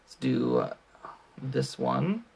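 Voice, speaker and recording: A man's voice: mid-range voice, wildly swooping pitch, takes it slowly, gravelly, darkish tone, husky. A man giving casual commentary over a mobile game he plays, thinking aloud with many ums and sighs, and hiccuping now and then. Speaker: gaming channel host.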